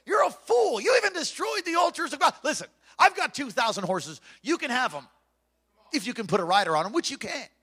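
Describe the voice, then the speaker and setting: A man voicing a mocking enemy king's envoy who shouts scornful taunts. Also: high voice, quick pace, hardly any pauses. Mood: scornful taunting.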